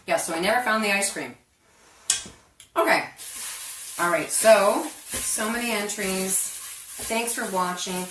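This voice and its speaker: A woman's voice: mid-range voice, animated, a little slow, long pauses. Chatty woman hosting a kitchen show. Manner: chatty and rambling, laughs often. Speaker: cooking show host. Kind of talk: casual live-stream chat. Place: home kitchen. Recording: roomy kitchen, mic far off, noisy.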